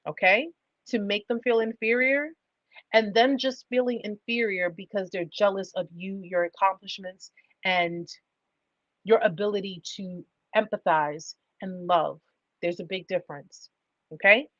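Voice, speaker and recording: A woman's voice: medium pitch, steady tone, measured pace, fairly bright tone, dry recording, lo-fi sound. A woman hosting a livestream advice talk, speaking emphatically and driving points home with repeated rhetorical questions. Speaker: livestream host.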